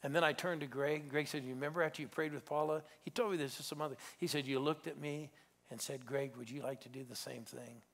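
A middle-aged man preaching a sermon as a storyteller, moving between loud exhortation and hushed intensity. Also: on the high side, steady tone, fast. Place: church sanctuary.

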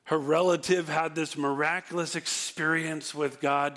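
Animated preacher with a raised voice. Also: male voice, measured pace, few pauses. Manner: animated preaching, rising to near-shouts and dropping low. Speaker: pastor. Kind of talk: sermon.

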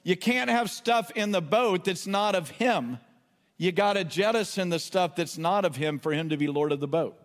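A man's voice: high voice, moderate pace, in a large hall. A man preaching a sermon as a pastor, impassioned, pleading and exclaiming to his listeners.

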